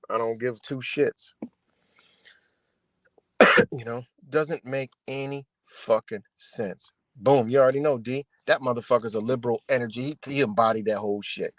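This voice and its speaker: A man's voice: medium pitch, normal speed, dry recording. Profane, heated man ranting live. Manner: profane, confrontational, repetitive. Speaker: livestream host. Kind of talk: heated livestream rant.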